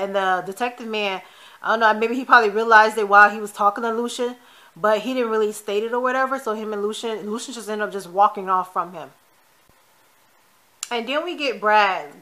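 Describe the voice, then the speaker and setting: A woman talks through a TV episode in a relaxed, opinionated recap, quoting the characters as she goes. Her voice sits a little high and sounds very bright and forward. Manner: chatty, opinionated retelling of scenes; quotes the characters in passing. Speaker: TV recap vlogger.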